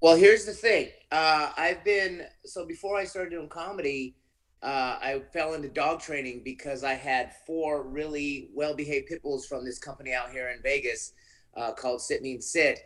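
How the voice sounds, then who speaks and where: A man's voice: fairly high pitch, fairly even intonation, moderate pace, fairly bright tone, poor audio. A man, a comedian guest, chatting in a laid-back, rambling way on a video call. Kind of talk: casual chat over video call.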